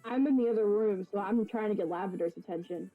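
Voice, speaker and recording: A woman's voice: medium pitch, quick pace, phone-quality sound, faint music behind. A woman playing in a tabletop game, describing her moves in a hesitant, casual way. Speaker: player. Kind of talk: casual chat.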